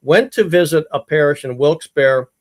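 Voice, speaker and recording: A man hosting a live interview, asking questions in a halting way with fillers. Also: fairly high pitch. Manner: halting, thinking aloud with fillers. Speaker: host. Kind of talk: interview host.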